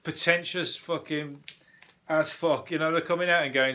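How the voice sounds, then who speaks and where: A man's voice: a little high, fairly even intonation, normal speed, pushed and bright. A man hosting a casual news review, rambling, swearing and laughing as he goes. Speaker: podcast host.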